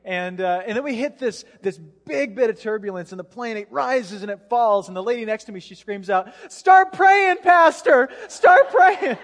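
Male pastor, thirties, high voice; casual conversational sermon in a reverberant church hall. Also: a little fast, hardly any pauses. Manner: casual, chatty, acts out voices in anecdotes. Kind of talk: sermon with storytelling.

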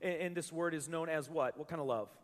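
In a reverberant church hall before a live congregation, a male pastor delivers a sermon in a conversational, joking style, often restarting his words. His voice is on the high side and his delivery brisk.

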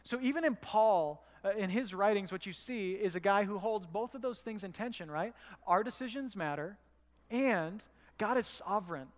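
Male pastor, high voice, chatty sermon delivery, long church reverb. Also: animated, normal speed. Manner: conversational, storytelling with acted quotes.

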